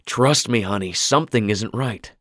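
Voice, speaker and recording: A man's voice: fairly low pitch, normal speed, fairly bright tone, no echo, clean studio sound, pitched above the performer's own voice. Man reading a nervous, hesitant young husband. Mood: uneasy. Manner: tense, hesitant.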